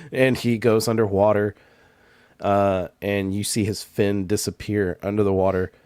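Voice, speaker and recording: A man's voice: fairly low pitch, flat delivery, a little slow, darkish tone, clean tone, dry recording, clean studio sound. A man narrating as game master of a tabletop game, laid-back and laughing, getting hyped at dice rolls.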